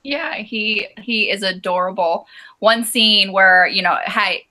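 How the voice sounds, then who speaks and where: A woman's voice: mid-range voice, slow pace, sharp tone. A woman co-hosting a casual book discussion, chatty and giggling between remarks. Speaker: book podcast co-host.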